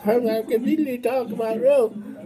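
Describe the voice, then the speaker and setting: A woman's voice: fairly high pitch, moderate pace, a crowd in the background. A woman giving goofy, exclamatory gameplay commentary and putting on voices for places, with faint music behind.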